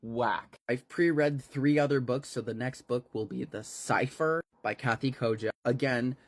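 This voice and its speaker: A man's voice: medium pitch, moderate pace. A man casually recapping a horror novel, rambling and swearing freely between fillers. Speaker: book reviewer.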